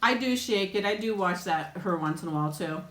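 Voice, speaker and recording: A woman's voice: medium pitch, lively intonation, brisk. Chatty woman livestreaming in an echoey room. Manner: chatty, warm greetings, frequent laughs and ums. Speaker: mukbang livestream host. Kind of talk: casual live chat greeting viewers.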